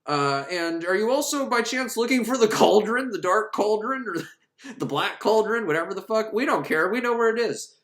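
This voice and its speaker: A man's voice: high-pitched, expressive, normal speed, fairly bright tone, roomy sound, pitched above the performer's own voice. A man voicing breezy, offhand fairies who shrug things off. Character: breezy offhand fairy folk.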